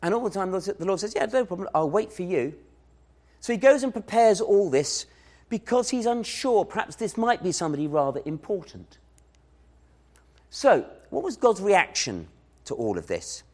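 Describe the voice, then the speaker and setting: A man preaching a sermon, telling a Bible story in an animated way and acting out the voices he quotes. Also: high-pitched, moderate pace.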